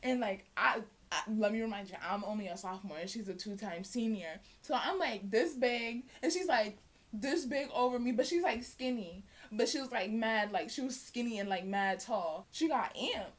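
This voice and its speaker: A young woman vlogger telling a storytime tale in a casual, animated way, acting out the voices of the people in it. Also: a little high, moderate pace. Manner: animated, acts out quoted voices. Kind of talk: storytime vlog.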